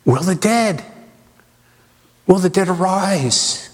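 A man preaching with a fairly high voice, taking his time over each phrase. He builds his points through rhetorical questions and repeated lines. His voice rings with the long reverb of a large hall. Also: expressive, takes it slowly. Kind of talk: sermon.

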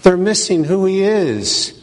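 A man preaching from the pulpit in a measured, deliberate rhythm, repeating his questions for emphasis. His voice sits a little high for a man. The sound carries a long reverb, as if in a large church. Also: big pitch swings, a little mellow. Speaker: pastor. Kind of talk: sermon.

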